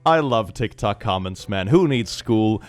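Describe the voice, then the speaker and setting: A man's voice: fairly low pitch, animated, unhurried. A man hosting casual comedy reaction commentary, sarcastic and laughing often. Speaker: host.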